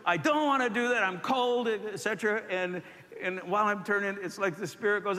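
A man's voice: high voice, fairly quick, sharp tone. A middle-aged man, a pastor, telling a story in a conversational, self-mocking sermon style. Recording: echoey hall with faint ambience.

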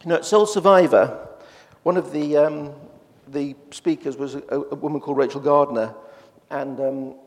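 A man's voice: fairly high pitch, moderate pace, big-room sound. A man preaching a sermon in a church, talking in a conversational way with frequent restarts.

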